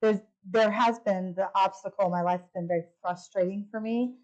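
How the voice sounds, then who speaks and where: A woman's voice: mid-range voice, a little fast, rough recording. A middle-aged woman giving a testimony talk at a women's retreat, telling stories and acting out the dialogue. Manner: lively storytelling, acting out dialogue. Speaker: retreat speaker.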